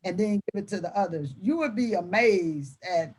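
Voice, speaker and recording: A woman's voice: mid-range voice, animated, moderate pace, a little mellow, slightly rough. A woman educator chatting as a guest, telling classroom stories in a colloquial way and laughing often. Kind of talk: casual conversation, storytelling.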